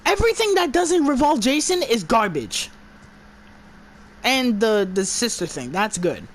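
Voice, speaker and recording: A woman's voice: fairly high pitch, sing-song, measured pace. A woman giving an exasperated, profane movie review, stumbling and restarting her words as she rants.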